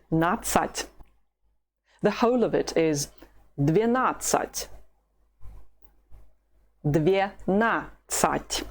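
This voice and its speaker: A woman from Russia with a Russian accent, a patient language teacher who models words slowly for the listener to repeat. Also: deep voice, darkish tone. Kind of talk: slow language lesson with repetition drills.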